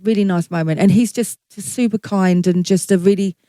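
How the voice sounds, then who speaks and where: A woman's voice: mid-range voice, fairly even intonation, normal speed, warm tone, no echo. A middle-aged woman, a guest singer, telling her career story in a candid, chatty way, swearing freely and acting out her past thoughts.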